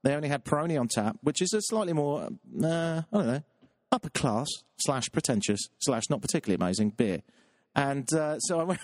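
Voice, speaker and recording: A British man hosting his own show, doing a self-mocking comic rant that keeps jumping up into a high squeaky voice. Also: animated, brisk, no room sound, studio quality. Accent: British English. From Britain. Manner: exasperated, self-mocking, jumps into a high squeaky voice when riled. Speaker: show host. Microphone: webcam setup.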